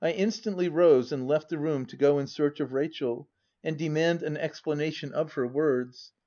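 Male audiobook narrator, slightly high voice, measured reading, lo-fi dull recording. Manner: even, measured first-person reading. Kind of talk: classic novel narration.

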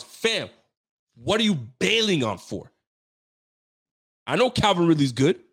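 A man's voice: fairly high pitch, very animated, unhurried, pauses often, fairly bright tone, husky. A young man hosting a sports podcast, giving a frustrated, slangy postgame rant that keeps repeating its points.

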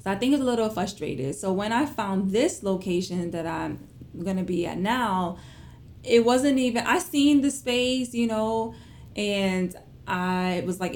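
A woman who runs a small business, casually telling her viewers a personal story in an emotional, animated way. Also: measured pace, slight background noise. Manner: emotional, animated retelling with big pitch swings; conversational, colloquial phrasing.

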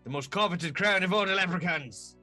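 A man playing a crude, bitter male leprechaun with a put-on Irish accent, swearing and lively. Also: high voice, brisk, faint music behind. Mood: spiteful. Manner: lively, swearing, laughing mid-line. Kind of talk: tabletop role-play.

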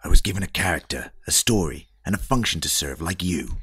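A man voicing a calm, troubled android scientist, reading the lines in a quiet, measured way. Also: deep voice, slightly rough, pitched below the performer's own voice, full character voice.

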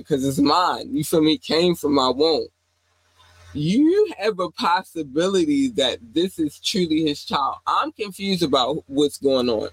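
Woman, husky voice, blunt and profane gossip commentary, dry close sound. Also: sits low, no echo, rough recording. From Baltimore. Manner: blunt, profane, keeps asking "you feel me". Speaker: podcast host. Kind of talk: casual celebrity gossip commentary.

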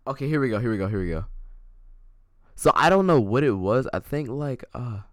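A man's voice: mid-range voice, animated, fairly quick, a bit bright, no echo, clean studio sound. A young man co-hosting a casual chat, telling a long story with many restarts and acting out both sides of a text exchange.

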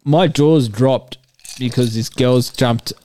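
A man's voice: medium pitch, slow pace, warm tone, a little hiss or hum. A man, rambling through a crude anecdote and acting out the people in it. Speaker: storyteller guest. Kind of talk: casual podcast chat.

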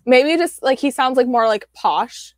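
A bubbly young woman chatting on a podcast, her voice a touch higher than most. She laughs easily and leans on filler words, and the sound is close and dry. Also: expressive, a little slow, no echo. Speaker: podcast co-host. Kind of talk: casual chat.

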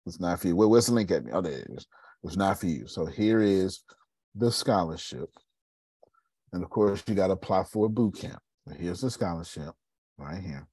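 A man's voice: deep voice, animated, normal speed, darkish tone, breathy edge, no echo. A man hosting a podcast in casual live coaching talk, emphatic, repeating phrases and calling listeners by name. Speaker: podcast host.

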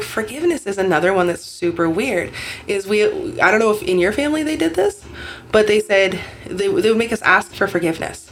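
A woman's voice: medium pitch, fairly bright tone, a little hiss or hum. A woman from Canada hosting a casual podcast, rambling with lots of fillers and restarts, swearing now and then. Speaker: podcast host.

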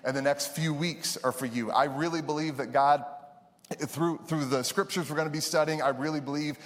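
A male pastor giving a conversational, animated sermon in a church, laughing often. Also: on the high side, normal speed. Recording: reverberant church hall.

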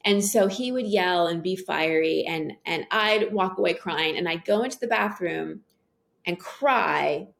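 A woman speaking as a guest in a casual interview, telling stories in an earnest, animated way. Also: fairly low pitch, unhurried, creaky.

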